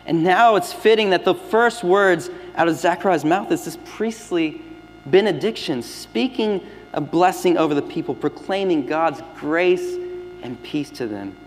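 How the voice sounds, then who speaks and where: A man preaching a sermon as pastor, swinging between loud emphatic lines and hushed, near-whispered ones. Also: fairly high pitch, animated, measured pace. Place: church sanctuary. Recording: long hall reverb with faint music.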